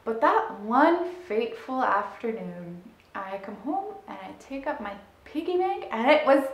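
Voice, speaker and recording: Speaking at a moderate pace, a woman in her thirties who coaches people on money mindset shares a personal story. She laughs often and grows animated, rising high and loud when things get exciting, and the room gives off a noticeable echo.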